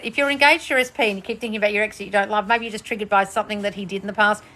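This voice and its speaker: A woman's voice: steady tone, very fast, hardly any pauses, pushed and bright. A woman manifestation coach answering viewer questions in a casual livestream, talking bluntly and swearing often while sitting outdoors. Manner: blunt, profane, swings between shrill bursts and low mutters.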